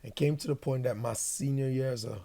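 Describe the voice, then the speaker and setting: A man's voice: medium pitch, fairly even intonation, fairly quick, gravelly, warm tone. A man from Trinidad and Tobago, a guest giving an earnest personal testimony and acting out what he once said. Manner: earnest storytelling, acts out his own past words. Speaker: interview guest.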